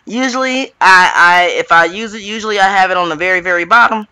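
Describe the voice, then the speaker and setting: A reality TV recap host giving sassy, animated gossip commentary with dramatic asides. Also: medium pitch, fast talker, clean tone, dry recording.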